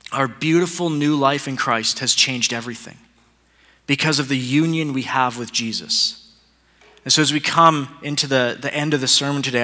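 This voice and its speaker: With a bright, forceful, mid-range voice, a man preaches as pastor, using repetition to build his points and drifting into casual jokes along the way. The sound carries a long hall reverb.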